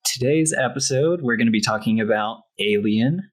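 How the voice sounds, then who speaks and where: Super low-voiced woman hosting a podcast, laid back and chatty, lots of uhs. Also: moderate pace. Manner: easygoing, chatty, many fillers. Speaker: podcast co-host. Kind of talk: casual chat.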